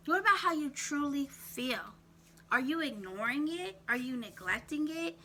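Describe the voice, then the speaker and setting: A woman's voice: sits high, expressive, sharp tone, slight background noise. A woman vlogging about self-care, coaching her viewers with a string of questions and telling them again and again to write it down. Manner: asks viewers rapid questions, repeats "write that down". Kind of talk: direct-to-camera coaching talk.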